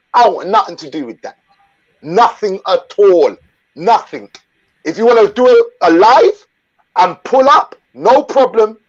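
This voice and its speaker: A man's voice: high voice, highs cut off. Fired-up, profane man ranting to camera. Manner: blunt and profane, repeating himself. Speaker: channel host. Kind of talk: angry vlog rant.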